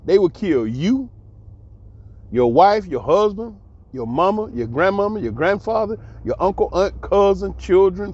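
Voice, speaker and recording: Guy ranting straight to camera, emphatic and repetitive, kinda high pitched, muffled lo-fi audio. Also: darkish tone. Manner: emphatic, repetitive, blunt and profane. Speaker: commentator. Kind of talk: casual monologue commentary. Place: abroad.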